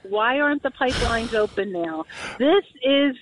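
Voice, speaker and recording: A woman's voice: on the high side, animated, normal speed, slight background noise. A woman calling into a radio talk show, exasperated and emphatic. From Philadelphia area. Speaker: caller. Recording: tinny phone line.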